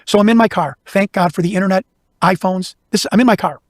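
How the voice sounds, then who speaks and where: High-voiced guy rattling off a story super fast, dry close sound. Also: dry recording. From Chicago. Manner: fast, animated, talks over himself with restarts. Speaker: guest investigator. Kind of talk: casual storytelling interview.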